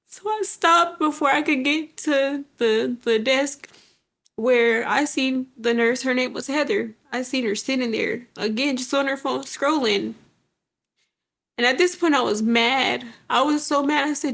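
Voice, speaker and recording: A young woman telling her personal story as an interview guest, halting and repeating herself while quoting what others said. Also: high voice, gravelly, fairly bright tone. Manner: halting, repeats words, quotes others vividly. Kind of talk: emotional personal testimony.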